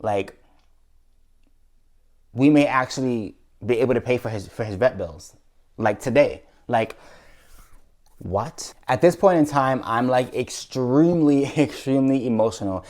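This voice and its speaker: A man's voice: mid-range voice, normal speed, darkish tone. Earnest man telling a heartfelt story. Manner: earnest, heartfelt retelling with many restarts. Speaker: YouTuber. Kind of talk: personal storytelling vlog.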